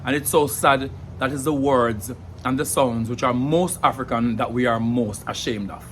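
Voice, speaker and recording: A Jamaican man giving an earnest spoken explanation, pausing often to search for words and sounding out examples. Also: medium pitch, a little hiss or hum. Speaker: language educator. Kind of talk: explanatory monologue.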